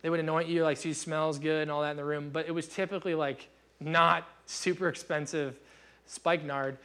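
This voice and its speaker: Young male pastor, fairly high voice, chatty sermon delivery with animated asides. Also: a little fast. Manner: casual, conversational preaching with lively acted-out asides.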